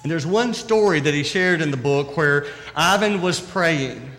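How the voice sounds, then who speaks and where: A man's voice: a little high, lively intonation, measured pace, a bit bright, big-room sound. A man with a Southern accent giving an earnest, conversational sermon that is full of rhetorical questions. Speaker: preacher.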